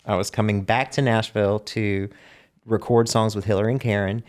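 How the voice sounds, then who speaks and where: Low-voiced Southern US man telling stories. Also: brisk, clean tone. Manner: rambling animated storyteller with many fillers. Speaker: guest singer-songwriter. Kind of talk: casual interview storytelling.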